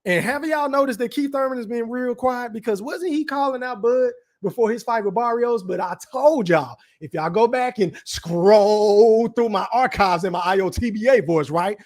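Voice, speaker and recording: Animated, profane man hosting a live stream. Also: extremely high pitch, normal speed, hardly any pauses. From Dallas, Texas. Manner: profane, animated, slangy, reads comments aloud. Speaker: podcast host reading live chat. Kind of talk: casual live-stream commentary.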